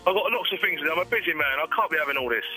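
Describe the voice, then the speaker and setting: A man's voice: a little high, expressive, rapid-fire, pushed and bright, soft background music. An angry man with a Cockney accent, swearing and talking over the caller during a prank phone call. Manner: angry, swearing, talks over the other person.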